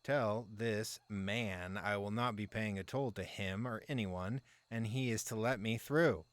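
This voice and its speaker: A man's voice: measured pace, no echo, lightly acted. A man voicing an indignant, stubborn male traveling merchant who protests shrilly in a game's dialogue. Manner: shrill, arm-waving protest.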